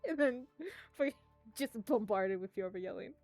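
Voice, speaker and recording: A woman's voice: mid-range voice, moderate pace, darkish tone, faint music behind. A woman player chatting casually and giggling while retelling her game.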